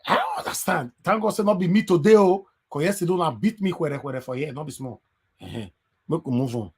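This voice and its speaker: Husky Nigerian radio host. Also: male voice, fairly high pitch, expressive, brisk. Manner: mixes Nigerian Pidgin, moderating callers. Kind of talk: phone-in talk radio.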